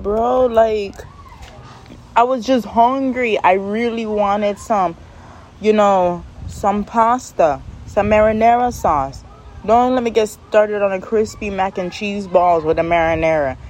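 A woman hosting a podcast, rambling and venting in a casual monologue with animated asides, recorded outdoors in the shade on a phone. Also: medium pitch, a little slow, a little hiss or hum, low-quality recording. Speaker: podcast host.

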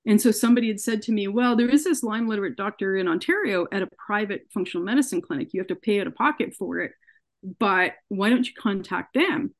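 With a mid-range voice and quick pace, a Canadian woman on a podcast earnestly narrates something that happened to her. She recounts events by performing what people said to her.

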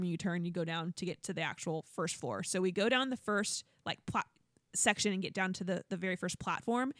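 A woman co-hosting a podcast in casual chat, telling stories and acting out quotes in a high voice. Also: pushed and bright, dry recording, clean studio sound. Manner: chatty storyteller, acts out quotes in a high voice. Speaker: podcast co-host.

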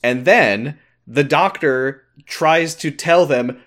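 A man's voice: fairly high pitch, takes it slowly, fairly bright tone. An American man co-hosting a casual podcast chat, acting out scenes in put-on voices. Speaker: podcast co-host.

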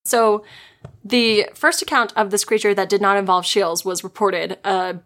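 A woman's voice: mid-range voice, steady tone, moderate pace, a bit bright. Chatty, giggly woman podcast host. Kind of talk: casual podcast storytelling.

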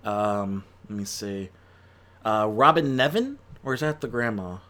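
A man's voice: on the low side, expressive, measured pace, a bit bright. A man giving a casual spoken film review, chatty and rambling, with lots of fillers and self-corrections. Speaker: movie reviewer.

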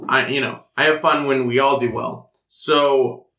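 A man's voice: medium pitch, steady tone, unhurried, sharp tone, a little hiss or hum. A young man chatting casually, rambling and self-mocking with lots of fillers as he tells a story. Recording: roomy echoey room.

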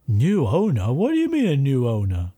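A man's voice: mid-range voice, wildly swooping pitch, normal speed, mellow, husky, no room sound. Tabletop game role: a man as a naive, well-meaning dog, dry close voice. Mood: earnest. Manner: earnest, naive. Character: earnest good-natured male dog.

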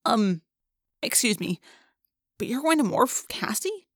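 A woman's voice: a little high, big pitch swings, measured pace, no echo, clean studio sound, heavily acted. A woman reading an audiobook, voicing a wisecracking, sarcastic teenage boy. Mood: wry. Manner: sarcastic, joking.

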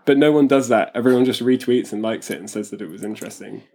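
A man's voice: medium pitch, fast, mellow. A man, a poet, chatting as a podcast guest, self-deprecating and often restarting his sentences. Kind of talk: casual podcast chat.

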